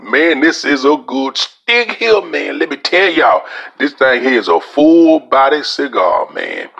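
A man's voice: medium pitch, a bit bright. A man hosting a podcast, casually reviewing a cigar in a folksy, drawling way. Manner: folksy, drawling, addresses listeners as y'all. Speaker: podcast host.

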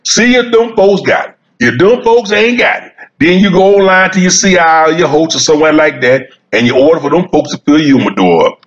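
A man's voice: on the high side, lively intonation, fairly quick, few pauses, highs cut off. A man vlogging about cigars, rambling in a folksy, repetitive way and chuckling as he talks straight to his viewers while he smokes outdoors. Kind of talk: casual rambling monologue. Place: sitting outdoors smoking a cigar.

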